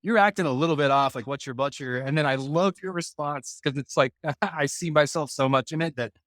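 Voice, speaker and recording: A man's voice: fairly high pitch, a little fast, a bit bright, no room sound. A man hosting a podcast, talking in an earnest, rambling way with many fillers. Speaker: podcast host. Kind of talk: casual podcast conversation.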